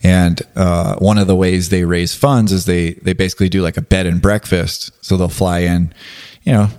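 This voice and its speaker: A man who is an adaptive athlete, telling stories in a relaxed podcast chat with frequent laughter. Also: low voice, normal speed. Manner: laughing, animated storyteller. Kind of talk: casual storytelling.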